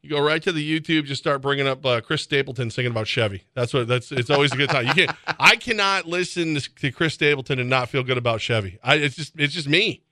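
Man, sports radio host, bright forceful voice, dry studio sound, animated banter. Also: medium pitch, quick pace, hardly any pauses, dry recording. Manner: animated, laughing, bursts of shouting. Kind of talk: casual sports radio banter with live ad reads. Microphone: close studio mic.

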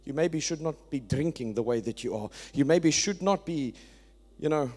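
High-voiced preacher, emphatic. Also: male voice, animated, moderate pace. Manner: emphatic preaching, swings from loud to quiet. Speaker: pastor. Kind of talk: sermon.

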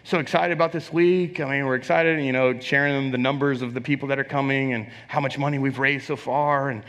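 Long hall reverb surrounds this preacher's fast, steady, slightly bright mid-range voice. He's giving a testimony in a sermon, recounting a personal story conversationally and emphatically, repeating phrases and posing questions to the congregation.

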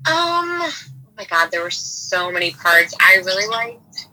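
A woman's voice: medium pitch, big pitch swings, measured pace, sharp tone, rough recording. A woman guest on a podcast, chatting enthusiastically in a casual interview.

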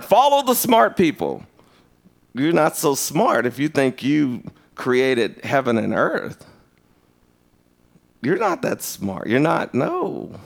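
A man preaching a conversational sermon. He tells stories in an animated way, and his pitch jumps sharply. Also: creaky.

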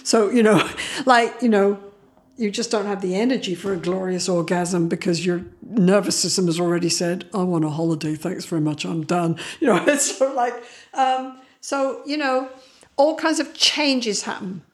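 Animated woman psychologist telling stories. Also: medium pitch, moderate pace. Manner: expressive, acts out voices in anecdotes; laughs often while explaining. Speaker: psychologist guest. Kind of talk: interview storytelling.

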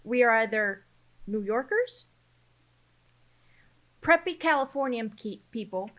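Woman, podcast co-host, high voice, very expressive pitch, blunt, matter-of-fact, swears freely, casual chat. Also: takes it slowly.

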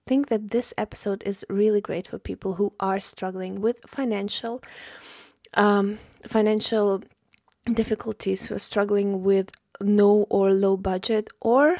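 A woman's voice: medium pitch, steady tone, a little slow, a little mellow, no echo, clean studio sound. Slightly breathless woman podcast host. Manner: earnest, chatty, with many fillers. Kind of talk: casual podcast monologue.

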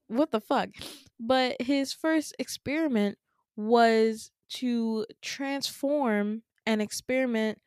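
A young woman hosts a podcast and retells her dream in casual storytelling. She talks in a chatty, filler-heavy way with laughing asides. Her voice sits at a middling pitch and sounds dry and close to the mic. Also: clean tone, no room sound. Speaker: podcast host.

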